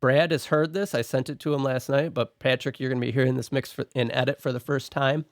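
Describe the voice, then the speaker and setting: Man, podcast co-host, methodical, talking through notes, mid pitch, dry close sound. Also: steady tone, fast talker, no room sound. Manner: methodical, talks through his notes point by point. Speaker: podcast co-host and song producer. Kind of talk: casual podcast discussion.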